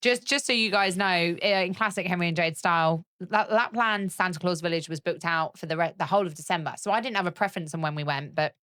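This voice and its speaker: A woman's voice: lowish voice, quick pace, few pauses, a bit bright, dry recording. A woman in her thirties, co-hosting a casual podcast chat, telling stories with lots of laughter. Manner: chatty, laughing storyteller. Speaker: podcast co-host.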